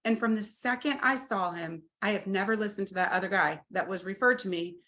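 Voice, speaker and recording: A woman's voice: medium pitch, fairly quick. A woman in her forties, telling her story as an interview guest and acting out quoted dialogue with energy. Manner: animated, acts out quoted dialogue. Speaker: guest, RV business owner.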